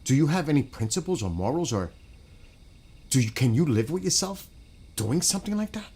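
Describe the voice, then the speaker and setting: A man's voice: a little high, sing-song, brisk, darkish tone, husky. A man on a gaming stream in casual chat. He talks bluntly and swears a lot, rambles and restarts his sentences, and often drifts away from the mic.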